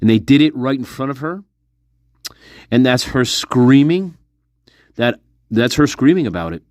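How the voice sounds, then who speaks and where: A man's voice: mid-range voice, expressive, measured pace, a little mellow, no room sound, studio quality. A man talking to his viewers in a casual monologue, speculating intensely, repeating himself and swearing often. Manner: intense, repetitive, profane speculation. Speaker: online commentator.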